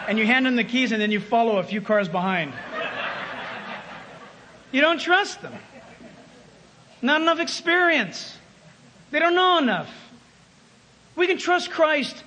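A man preaching a sermon, emphatic, swinging between loud calls and hushed asides. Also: extremely high pitch, lively intonation, measured pace, pauses often, background noise.

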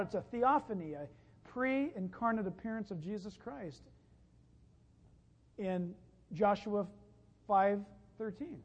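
A man preaching a sermon as pastor, animated and punchy, with emphatic rises and wry jokes. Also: high-pitched. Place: church sanctuary. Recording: lo-fi, dull, long reverb from a church hall.

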